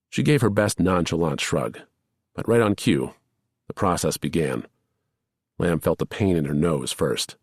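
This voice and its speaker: A man narrating a thriller audiobook in a measured, even storytelling manner. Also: sits low, husky, dry recording, studio quality. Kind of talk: scripted narration.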